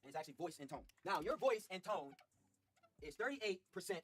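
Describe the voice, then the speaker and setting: A man's voice: high-pitched, lively intonation, fairly quick, a bit bright, breathy edge. A man coaching men on social skills in a video clip, preachy and slangy, calling them fellas. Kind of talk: motivational video talk.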